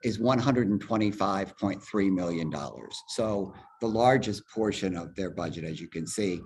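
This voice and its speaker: A man heading an agency, walking a virtual public forum through budget figures step by step on a video call, talking fast and explaining as he goes. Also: low-pitched, a little mellow, a little hiss or hum. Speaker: agency head presenting a budget. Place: virtual meeting, speaking from home or office.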